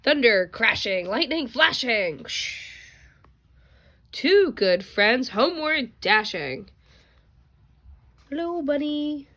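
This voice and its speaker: A mother reading a bedtime picture book aloud to her children, expressive and gentle, with small asides. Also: a little high, takes it slowly. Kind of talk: storybook read-aloud.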